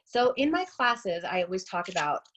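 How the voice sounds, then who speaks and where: Husky, chatty woman fitness instructor. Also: fairly low pitch, very animated, moderate pace, a bit bright. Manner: chatty, encouraging, coaching listeners through breathing. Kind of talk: motivational group talk.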